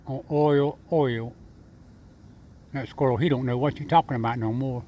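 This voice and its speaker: A man chatting and coaxing a squirrel in his front yard, repeating himself in a relaxed, chuckling way. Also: on the high side, normal speed. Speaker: vlogger feeding a squirrel. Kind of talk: casual talk to an animal.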